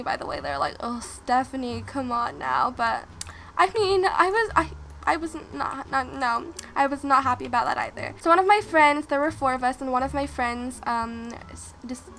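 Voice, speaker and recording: A woman's voice: high voice, pushed and bright, a little hiss or hum. A woman vlogger telling a story in a chatty, rambling way with lots of restarts while playing a game. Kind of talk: casual storytime while gaming.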